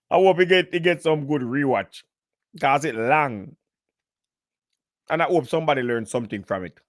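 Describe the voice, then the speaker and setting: A man's voice: mid-range voice, moderate pace, pauses often, dry recording, studio quality. A man from Jamaica with a Jamaican accent, chatting casually and jokingly in patois on a live stream. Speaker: podcast guest.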